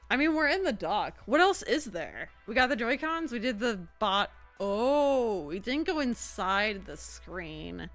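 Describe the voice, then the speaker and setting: Slow, lively-voiced woman streamer. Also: fairly high pitch. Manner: rambling, chatty, talks to chat. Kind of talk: casual gameplay livestream chat.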